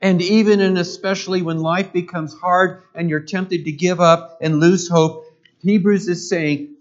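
A man preaching from the pulpit with a fairly high voice, stacking up repeated phrases with rising emphasis. The sound is a bit dull and lo-fi. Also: expressive, moderate pace. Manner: emphatic preaching with building repetitions. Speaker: pastor. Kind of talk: sermon.

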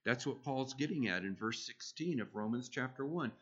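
A man's voice: mid-range voice, animated, moderate pace, fairly bright tone, dull audio. A man preaching a sermon, emphatic and repeating key phrases with rising force.

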